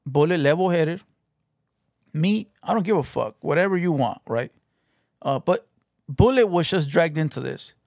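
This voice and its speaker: A man's voice: fairly high pitch, expressive, normal speed, vocal fry, pauses often, a little mellow, dry recording, clean studio sound. A man hosting a podcast, giving heated, profanity-laced reaction commentary and taunting his critics. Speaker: podcast host reacting to clips.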